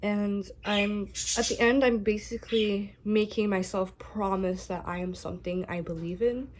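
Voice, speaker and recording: A woman singer-songwriter talking candidly and softly to camera from her bedroom, open about her feelings. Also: medium pitch, fairly even intonation, normal speed, noisy background. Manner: soft-spoken, candid, emotional. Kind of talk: casual talk to camera.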